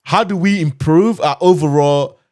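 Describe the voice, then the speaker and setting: A man's voice: a little high, normal speed, darkish tone. A man hosting a live screen-share tutorial on cybersecurity, chatty and upbeat, talking straight to his viewers. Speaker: cybersecurity instructor hosting a live learning session.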